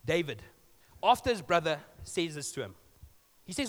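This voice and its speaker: Male pastor, sermon, high voice, chatty storytelling with jokes, long hall reverb. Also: big pitch swings, moderate pace, fairly bright tone. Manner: conversational storytelling with joking asides.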